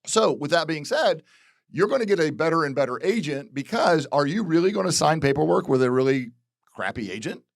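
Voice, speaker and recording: A man's voice: a little high, animated, a little fast, creaky, no room sound, clean studio sound. A man from Florida, a real estate broker, talking candidly about industry changes, repeating phrases and restarting sentences as he goes. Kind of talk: casual commentary. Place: real estate office video.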